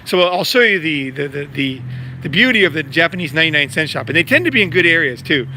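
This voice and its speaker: A man's voice: fairly high pitch, expressive, fast talker, vocal fry, pushed and bright, a little hiss or hum. A man vlogging in casual, rambling talk, swearing freely and stacking fillers and repeats. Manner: profane, filler-heavy, repeats himself. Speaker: vlogger promoting a meetup.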